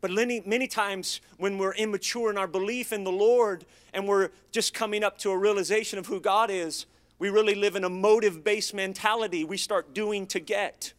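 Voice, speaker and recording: A man's voice: sits high, fairly even intonation, moderate pace. A middle-aged man preaching a sermon in a folksy, storytelling way, calling on the congregation to repeat words after him. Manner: folksy, storytelling, call-and-response. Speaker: pastor.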